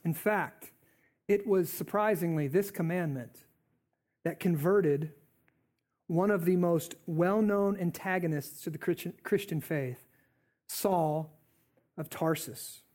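A man preaching a sermon in an animated, conversational way. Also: a little high.

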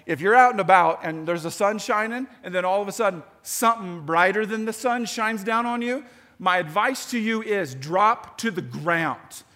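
A man preaching a sermon in a lively, conversational way, talking straight to his audience. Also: sits high. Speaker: pastor. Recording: long hall reverb.

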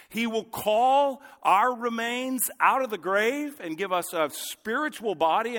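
A man delivers a sermon from the pulpit in a fairly high, bright and forceful voice. He speaks with earnest conviction that swells into fervent emphasis. His words carry a long reverb, as in a large church hall. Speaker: pastor.

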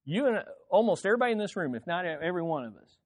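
A male pastor preaching a sermon to his congregation, firing off rhetorical questions and swinging from quiet to loud. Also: sits high, big pitch swings, rapid-fire, no echo, clean studio sound. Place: church service.

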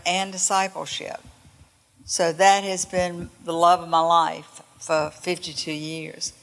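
Slow older woman. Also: fairly low pitch, a bit bright. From North Carolina. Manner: slow, sincere. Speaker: church member giving testimony. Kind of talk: personal testimony.

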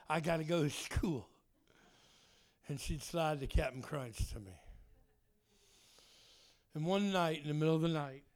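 A man leads a charismatic sermon in a high, ringing voice. His tone is smooth and resonant. He moves between fervent, pressing prayer and relaxed, folksy storytelling. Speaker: preacher.

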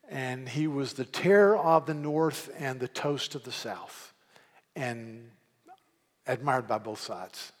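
A man preaching a sermon as pastor, moving from loud, fervent pleading to quiet, low storytelling. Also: in a large hall.

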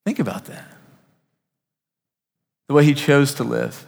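A man preaching a sermon as pastor, earnest, naming listeners one by one, building to emphatic peaks and dropping to a soft hush. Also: medium pitch, measured pace, gravelly. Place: church sanctuary. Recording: reverberant church hall.

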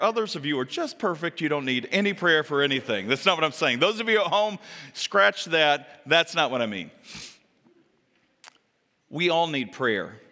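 A man preaching a Sunday sermon, bringing his stories to life as he acts out the people in them. His voice is bright and sharp, pitched a bit high. The sound rings out with the long reverb of a church sanctuary. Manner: animated storytelling, acting out quoted voices. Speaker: pastor.

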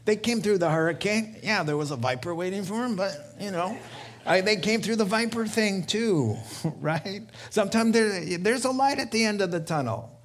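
A middle-aged man preaching a sermon as pastor, telling stories with lively voiced quotes and laughter. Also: sits high, normal speed.

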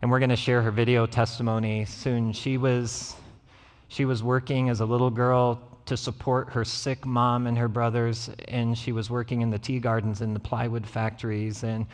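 A man's voice: medium pitch, flat delivery, moderate pace. A man, a pastor preaching a sermon, who tells stories and acts out the voices of the people in them. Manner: storytelling, acts out quoted voices. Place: church sanctuary. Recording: church hall reverb.

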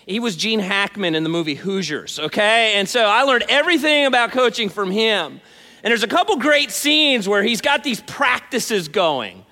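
High, bright-voiced pastor preaching in a hall. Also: male voice. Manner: animated, conversational preaching with frequent asides. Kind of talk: sermon. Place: church sanctuary. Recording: long hall reverb.

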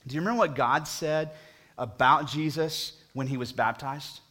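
A man preaching a sermon, pleading with the congregation, moving from booming emphasis to hushed appeals. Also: moderate pace. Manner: talks to the congregation directly with questions. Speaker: pastor.

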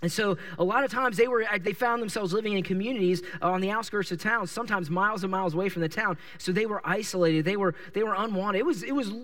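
A male pastor preaching a sermon, telling a story with lively, animated delivery and acting out the people in it. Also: sits high, fast talker, hardly any pauses, distant mic. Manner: animated storytelling, acts out characters and yells their lines.

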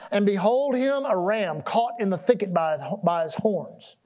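A man's voice: high-pitched, measured pace. A man preaching a sermon, asking the congregation questions and repeating words as he builds his points. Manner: animated preaching with call-and-response questions; repeats and restarts words, rising and dropping loudness. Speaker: pastor.

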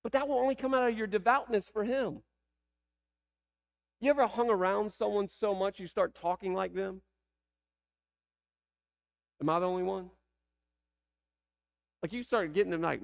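Man, Southern accent, pastor's sermon, high gravelly voice, dull lo-fi audio. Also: moderate pace, pauses often. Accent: Southern American. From American South. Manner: preaching with rhetorical questions to the congregation.

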